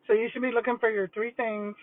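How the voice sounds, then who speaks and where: An older woman with a fairly high, flat-sounding voice talks fast, rambling and chatty as she eats lunch during a casual livestream. She's a retired school principal turned vlogger, and the audio is thin, tinny, phone-like and dry, with no echo.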